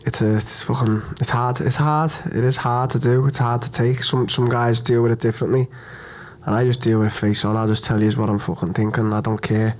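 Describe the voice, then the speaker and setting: At the press conference after his defeat, a young man speaks in a mid-range voice, level in tone and a little mellow. Upset and wounded, he's blunt and swears, his words stumbling out with halting restarts and repetition.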